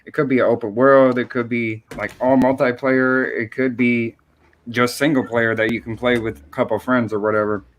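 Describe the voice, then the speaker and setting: A male podcast co-host with a mid-range voice. He thinks aloud in a casual, halting way and often restarts his sentences. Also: mid-range voice, level tone, slight background noise. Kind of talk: casual gaming discussion.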